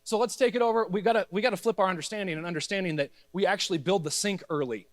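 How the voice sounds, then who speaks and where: A man giving an energetic, conversational presentation to a room of growers, talking straight to the crowd. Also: high voice, very fast, no echo. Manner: energetic, conversational, addresses audience as guys, acts out the plant's voice. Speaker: agronomy speaker at a grower meeting. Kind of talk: conference presentation.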